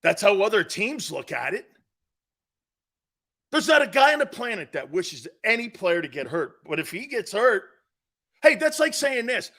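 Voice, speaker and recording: A man's voice: sits high, very animated, normal speed, long pauses, a bit bright. A man hosting a sports talk show, ranting bluntly and combatively, mocking other people's views with imitations. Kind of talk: opinionated sports radio rant.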